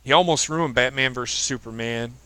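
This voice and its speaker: A man's voice: medium pitch, brisk, sharp tone, clear, resonant tone, poor audio. A man hosting a casual chat show, giving blunt opinions and swearing freely. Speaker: podcast host.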